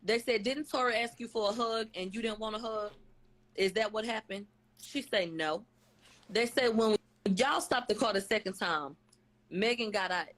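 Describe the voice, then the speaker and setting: At normal speed and medium pitch, with a fairly bright tone, a woman vlogger delivers a casual live recap of a court case. Blunt, profane, and full of slang, she runs down what people said and acts out their testimony in mimicked voices.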